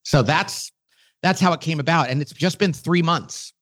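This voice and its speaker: A middle-aged man as a podcast guest, telling a story with quick, enthusiastic energy. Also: fairly high pitch, a bit bright. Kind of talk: casual conversation.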